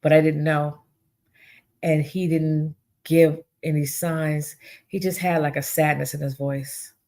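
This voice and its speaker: A woman with a low voice hosts a solo podcast. She speaks slowly and earnestly, and she pleads with her listeners, often repeating herself. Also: level tone, mellow. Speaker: podcast host. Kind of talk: heartfelt solo podcast talk.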